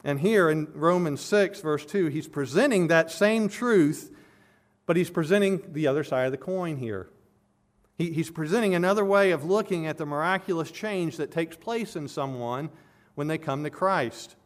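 Earnest man preaching, slightly high voice. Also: normal speed. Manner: earnest, builds to emphatic peaks. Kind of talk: expository sermon.

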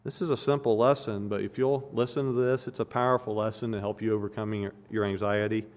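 A man's voice: on the low side, steady tone, a little fast, a little mellow. A man preaching an expository sermon, emphatic and repeating phrases to stress his points.

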